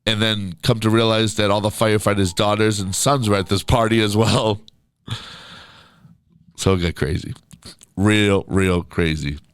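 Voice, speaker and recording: A man with a low, deep voice tells a story as a podcast co-host, easygoing and chatty. He slips into quoted voices along the way. The sound is dry and close, with no room echo. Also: steady tone, unhurried, long pauses, clean tone. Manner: laid-back storyteller, drops into quoted voices. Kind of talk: casual chat, storytelling.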